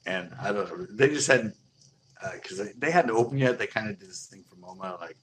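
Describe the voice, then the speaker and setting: A man's voice: fairly low pitch, expressive, fairly quick, a bit bright, a little hiss or hum. A man telling a long casual anecdote, rambling with many fillers and chuckling as he goes. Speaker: storyteller.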